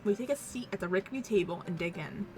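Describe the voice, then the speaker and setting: A woman's voice: medium pitch, lively intonation, fast, over music. A woman hosting a let's play, reading a visual novel aloud in a casual, wry tone.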